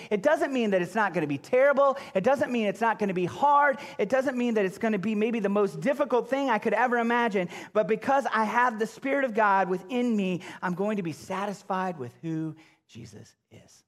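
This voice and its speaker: A middle-aged man preaching a sermon as pastor, swinging between loud emphatic bursts and low hushed lines. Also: brisk.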